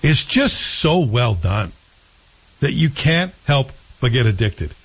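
A man's voice: medium pitch, very animated, slow, a bit bright, breathy edge. A man hosting a casual chat show, rambling through his opinions on a TV series and often correcting himself. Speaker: host reviewing TV series. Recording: dull lo-fi sound.

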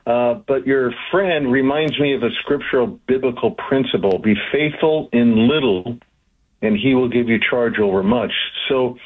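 A man being interviewed as a guest on a radio show, making an earnest, persuasive pitch. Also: moderate pace. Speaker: guest, investment firm founder. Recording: tinny phone line.

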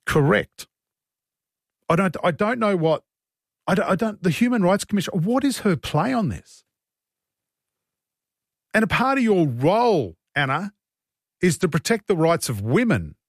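A man's voice: sits high, sing-song, a little slow, long pauses, slightly rough, no room sound, clean studio sound. A man with an Australian accent hosting talkback radio, blunt and exasperated as he takes calls and reads out texts. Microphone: studio broadcast mic.

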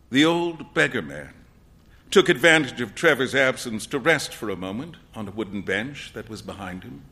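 A man reading a story aloud as narrator, expressive and acting out the dialogue. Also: medium pitch.

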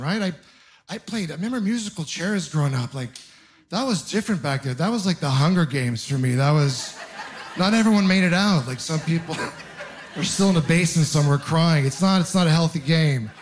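A man's voice: on the high side, lively intonation, fairly quick. A man in his thirties from Ontario performing a stand-up comedy set in a club, rambling through self-mocking stories with acted asides. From Ontario, Canada. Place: comedy club with laughing audience.

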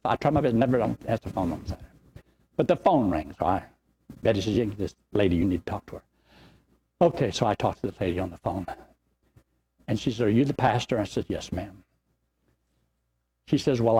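Folksy older pastor, husky. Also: male voice, medium pitch. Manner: folksy, rambling, animated storytelling. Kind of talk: sermon with storytelling.

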